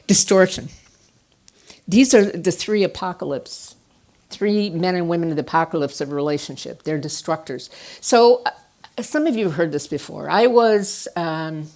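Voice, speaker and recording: A woman therapist giving a conference talk, telling personal stories with animated swings from quiet asides to emphatic bursts. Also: on the low side. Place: stage at a conference.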